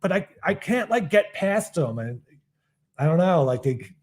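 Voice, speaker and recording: A man's voice: sits high, very animated, normal speed, a little mellow. A man with a New York accent co-hosting a live comedy podcast, chatting in a laid-back, rambling way with lots of fillers. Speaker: podcast co-host. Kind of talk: casual comedic chat.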